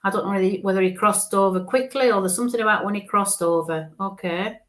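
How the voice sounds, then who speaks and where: A woman with a lilt gives a live psychic reading in a soft, reassuring manner. She keeps checking in with a gentle "okay?" as she passes on messages. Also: medium pitch, quick pace. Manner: gentle, reassuring, often ends phrases with "okay?". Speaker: psychic medium.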